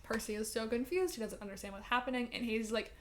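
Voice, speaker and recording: A woman's voice: on the high side, fast. A woman vlogger casually recapping a story, chatty and full of "like" fillers. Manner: chatty, filler-heavy with frequent "like".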